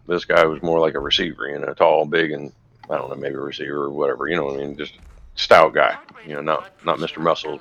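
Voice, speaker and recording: A man's voice: a bass voice, vocal fry, fairly bright tone, muffled recording. A man casually retelling a story while gaming, rambling and profane. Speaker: gamer recounting a news video.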